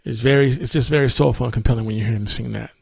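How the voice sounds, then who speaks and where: Male podcast host, gravelly voice, dry close sound, casual music review with lyrics read aloud. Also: medium pitch, racing, dry recording. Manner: relaxed, thinking aloud with fillers and restarts.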